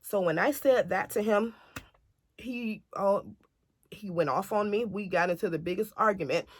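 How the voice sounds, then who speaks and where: A woman telling a family story to camera in a casual, animated way, acting out what others said. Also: medium pitch, normal speed, no room sound. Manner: chatty, animated retelling that acts out other people's lines.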